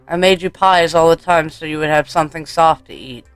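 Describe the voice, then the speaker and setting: Brief: man doing an overbearing, clingy mother type, sweet and smothering, slightly raised voice, smooth tone. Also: a little high, brisk, a bit bright, dry recording, soft background music. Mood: sugary. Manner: sugary, smothering pet names. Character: doting, unsettling adult woman, motherly, obsessive.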